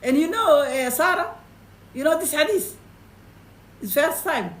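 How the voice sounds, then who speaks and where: A high-pitched woman teaches a hadith to a small class as a Quran teacher, speaking in an echoey room with faint noise. She recites the Arabic quickly, then retells it in simple, broken English, animatedly switching between the two languages.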